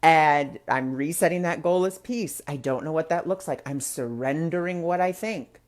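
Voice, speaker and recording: A woman's voice: low-pitched, normal speed. A woman hosting a spiritual discussion, telling a personal story in a chatty way with many fillers. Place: live online broadcast.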